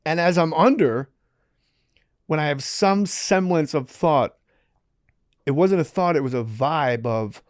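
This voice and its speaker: A man's voice: on the high side, animated, unhurried, darkish tone, dry recording, clean studio sound. A man hosting a podcast, telling a story in casual conversation, acting out the quotes as he goes and swearing freely. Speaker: podcast host.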